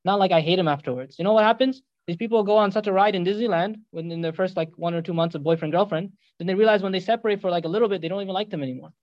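A man preaching a sermon, animated and emphatic, telling a dramatic story. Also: sits high, rapid-fire, few pauses, no echo, dull audio.

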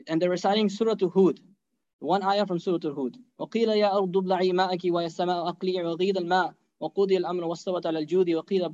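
A man giving an animated sermon, telling stories, acting out quotes and reciting Arabic verses. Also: high voice, dull audio. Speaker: preacher. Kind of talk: sermon storytelling.

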